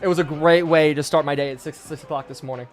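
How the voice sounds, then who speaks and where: A hoarse man in his twenties from Pennsylvania, giving hyped live game-stream commentary and chatting with viewers. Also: on the high side, fairly even intonation, fast, soft background music. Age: 20s.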